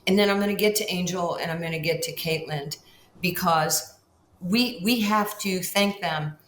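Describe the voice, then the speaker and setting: An older woman tells stories in an interview, her voice sitting fairly low. She acts out quoted lines with big swings in pitch. The sound carries an echoey room with faint ambient hiss. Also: normal speed, fairly bright tone. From Far Rockaway, Queens, New York. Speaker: guest, basketball Hall of Famer. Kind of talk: storytelling in a podcast interview.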